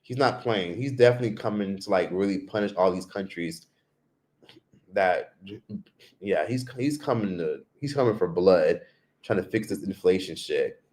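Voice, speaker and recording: A man's voice: deep voice, lively intonation, normal speed, a little mellow. A man casually chatting on a live stream, reading viewer comments and answering with loose, profane talk. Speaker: vlogger.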